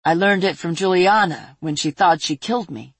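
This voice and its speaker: A woman's voice: fairly low pitch, normal speed, breathy edge, dry recording. A woman voicing a firm young male hero.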